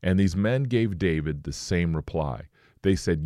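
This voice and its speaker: A man preaching a sermon, reading scripture and slowing to stress his points. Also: sits low, animated, mellow, no echo, studio quality.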